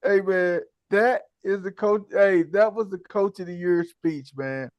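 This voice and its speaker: A man's voice: sits high, measured pace, no echo, highs cut off. A man hosting a casual sports talk podcast, easygoing and slangy, laughing often and tagging sentences with "man". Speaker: podcast host. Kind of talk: casual chat.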